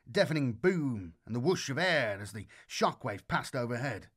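A man giving a measured, scripted audiobook narration of a war story. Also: mid-range voice, very animated, fairly bright tone, breathy edge.

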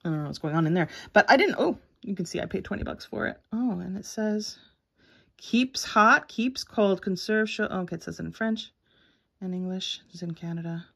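A woman's voice: medium pitch, moderate pace, creaky, a bit bright, husky. A woman in her forties chatting casually about her vintage toy finds, rambling with lots of fillers and little laughs. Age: 40s. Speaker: vintage toy collector vlogger. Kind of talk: casual show-and-tell vlog.

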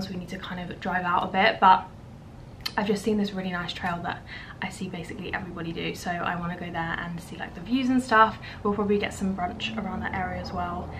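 A young woman talks casually to her handheld camera, full of "like" and easy fillers. Her voice sits in a middle register. Steady background noise runs under the recording. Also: mid-range voice. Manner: chatty, filler-heavy, says "like" often. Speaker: travel vlogger. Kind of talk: casual vlog chat to camera. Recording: noisy handheld vlog audio.

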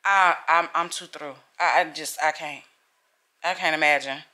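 A chatty woman in her thirties talks to her camera at home, her voice bright and forward. She rambles from thought to thought, swears without a second thought and keeps calling her viewers "y'all". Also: deep voice, fairly even intonation, normal speed. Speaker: vlogger. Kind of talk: casual chat to camera.

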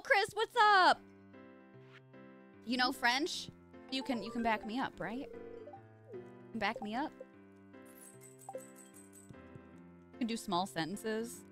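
A woman with a mid-range voice streams live, chatting casually while she plays. She is playful and goofy, breaking into loud, silly outbursts.

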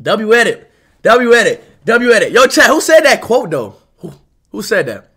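Give me a loud, excitable young male streamer with a high, lively voice. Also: husky. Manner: loud, excitable, swears often, talks fast to chat. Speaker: livestreamer. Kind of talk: live stream reacting to chat.

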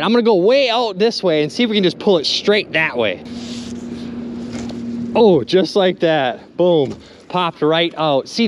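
A man vlogging while magnet fishing from a boat outdoors, excitedly narrating his finds to viewers and exclaiming often. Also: a little high, slight background noise. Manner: animated, exclaims often, keeps addressing viewers as "you guys".

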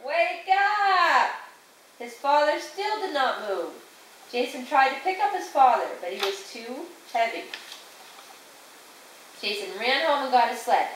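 Woman, higher voice, patient read-aloud storyteller; roomy echo, far from the mic, faint hiss. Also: lively intonation. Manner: slow, patient storytelling with sound effects. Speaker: parent reading to a small child. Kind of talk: reading a picture book aloud. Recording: echoey room, distant mic, faint hiss.

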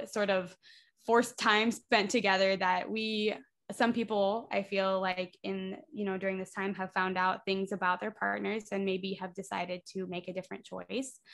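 Casual twenties woman guesting on a podcast, rambly, like like like, medium pitch. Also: a bit bright. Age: 20s. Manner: chatty, leans heavily on "like" fillers. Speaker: podcast guest, theater artist.

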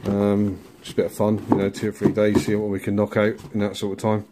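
A man hosting a casual model-building bench update, relaxed and rambling, chuckling at himself now and then. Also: on the low side, a little fast, heavy background noise. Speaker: scale model builder, channel host.

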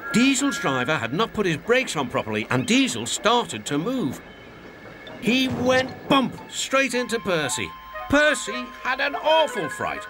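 A man reads a children's storybook aloud with very animated swoops of pitch. His voice sits a bit high. Music plays under the narration. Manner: expressive, lively reading.

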